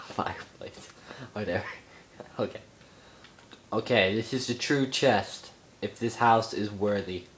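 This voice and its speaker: A young man giving excitable let's play commentary, yelping and mock-outraged as he explores. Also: on the low side, slow pace, long pauses, a little hiss or hum. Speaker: gamer.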